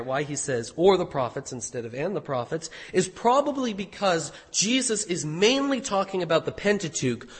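A man's voice: fairly high pitch, husky. A man preaching an expository sermon, earnestly teaching a passage with emphatic rises. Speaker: pastor. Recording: reverberant hall.

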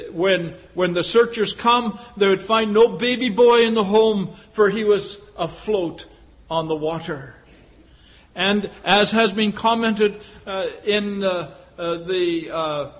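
A male preacher retells a scripture story in his sermon, asking rhetorical questions and hesitating often with fillers. His voice sits high, and the recording is rough.

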